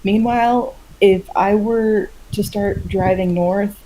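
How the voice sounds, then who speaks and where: A woman's voice: medium pitch, steady tone, takes it slowly, background noise. A woman from Florida in a casual group chat, talking in an easygoing, chatty way.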